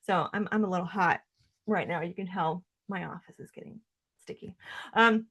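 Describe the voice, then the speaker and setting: A woman's voice: fairly low pitch, moderate pace, a bit bright, breathy edge. A woman hosting a solo herbal wellness podcast from her office, talking casually with lots of "like" and "um" fillers. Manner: chatty, frequent "like" and "um" fillers. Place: home office.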